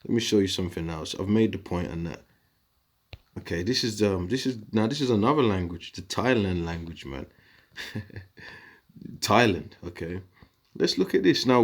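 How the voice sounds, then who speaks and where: A young man talking casually to his viewers, animated and repetitive, calling them bro and man while making his case. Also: lowish voice. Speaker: online commentator. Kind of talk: casual rebuttal video talk.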